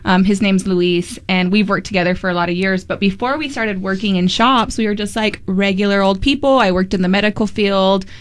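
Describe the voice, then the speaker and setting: A woman tattoo artist talks casually with a group, her voice at an ordinary middle pitch. She rambles a little and laughs often. The recording is dry and close. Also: fairly even intonation, brisk, hardly any pauses, no room sound.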